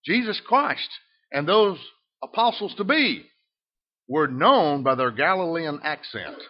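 Folksy Southern preacher, lively pitch. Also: male voice, measured pace. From Southern United States. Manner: folksy, preacherly, swings between emphatic and soft. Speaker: pastor. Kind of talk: sermon. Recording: dull lo-fi sound.

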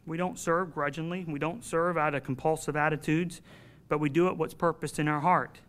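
A man's voice: a little high, steady tone, normal speed, fairly bright tone. A man preaching a sermon to his congregation in an earnest, emphatic way, telling a personal story.

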